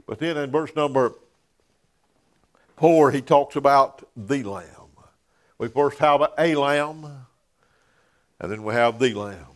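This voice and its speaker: A man preaching a sermon in a church, filling pauses with "uh" and dropping to a near whisper on key words. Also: medium pitch. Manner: preaching with frequent "uh" fillers, dropping to hushed emphasis.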